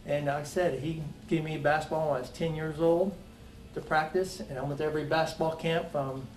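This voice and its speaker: A man in his fifties speaks earnestly about his old coach, his voice sitting a little high. He tells stories with emphatic conviction. Faint music plays underneath. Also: fairly even intonation, fairly quick, low-quality recording. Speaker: former player. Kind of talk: casual interview tribute.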